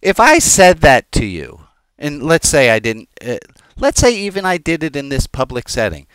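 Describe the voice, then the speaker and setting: A man's voice: fairly high pitch, big pitch swings, moderate pace, a bit bright, clear, resonant tone, no room sound. A man who is a rabbi gives an informal teaching sermon, talking conversationally with the congregation, wandering off on tangents and making jokes. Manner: conversational, digressive and joking, addressing the congregation.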